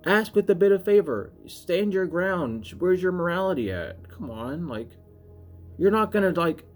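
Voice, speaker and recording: A man giving a casual spiritual reading to camera, rambling and cursing, swinging between loud urging and low asides. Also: very animated, normal speed, faint music behind. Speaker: spiritual reader.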